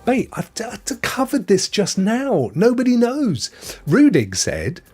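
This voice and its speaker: Chatty man, husky and lively. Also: sits high, a little slow, faint music behind. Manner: chatty and jokey, answers chat messages by name. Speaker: live stream host reading viewer chat. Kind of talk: casual live chat.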